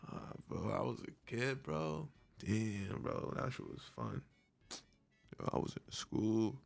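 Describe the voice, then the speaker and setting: A man's voice: lowish voice, takes it slowly, creaky, faint music behind, full character voice. A man voicing a stoned young man with a New York accent, speaking in a lazy, mumbling drawl. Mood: rambling.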